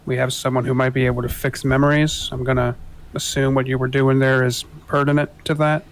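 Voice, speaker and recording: A man voicing a kindly, calm knight who speaks gently and steadily. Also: medium pitch, fairly quick, a little hiss or hum, natural voice. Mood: gentle.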